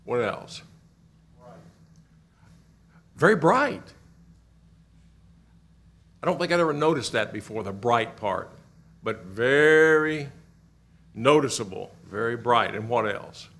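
A middle-aged man from Kentucky teaching a church Bible class, asking the class questions and repeating their answers with animated emphasis. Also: on the low side, normal speed.

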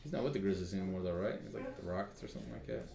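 A man's voice: deep voice, expressive, rapid-fire, gravelly. Man calling a card break, echoey room. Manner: rattles off card names, joking banter. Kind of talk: live card break commentary. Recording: echoey room with crowd noise.

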